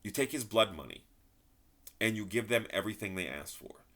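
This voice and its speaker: A man's voice: lowish voice, animated, a little fast, a bit bright. A man giving a frustrated, rambling wrestling review, swearing and repeating himself. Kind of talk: ranting solo commentary.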